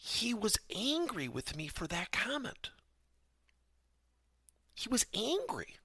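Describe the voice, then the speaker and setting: A man with a gravelly, bright-edged voice delivers a podcast lesson. His pitch swings widely as he tells stories, and the sound is dry and close, with a husky grain. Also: unhurried, no echo. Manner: animated storytelling, acts out dialogue in raised voice. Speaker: podcast host and trainer.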